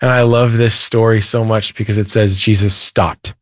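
A man with a fairly low voice speaks as a guest preacher in a faith interview. He retells scripture with earnest feeling. The sound is close and dry, with no room around it. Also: level tone, normal speed, no echo. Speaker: guest, Christian author and preacher.

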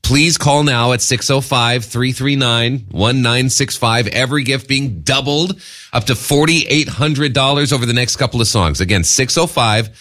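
A male radio host bantering through an on-air fundraiser with a playful, upbeat voice. He swings his pitch up for emphasis and slows down to read numbers clearly. The sound is close and clean on a studio microphone. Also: bright, forceful tone.

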